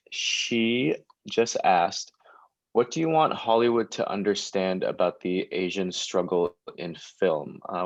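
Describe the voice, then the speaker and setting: A man moderating a virtual press conference, reading audience questions quickly and casually. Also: lowish voice, dry recording. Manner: quick, casual, filler-heavy. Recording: dull dry lo-fi mic.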